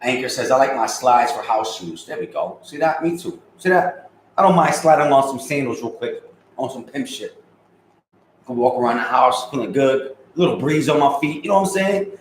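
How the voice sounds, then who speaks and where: A man's voice: mid-range voice, animated, normal speed, roomy sound, slight background noise, rough recording. A man in his thirties chatting casually on a livestream, reading viewer comments and joking in loose, profane street slang. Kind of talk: casual live-stream chat.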